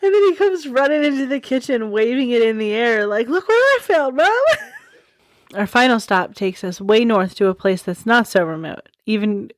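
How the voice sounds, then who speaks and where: A woman's voice: fairly high pitch, moderate pace, hardly any pauses, dry recording, studio quality. A woman in her forties hosting a podcast, telling stories in a chatty way, with wry asides and frequent giggles. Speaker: podcast host. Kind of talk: casual storytelling podcast.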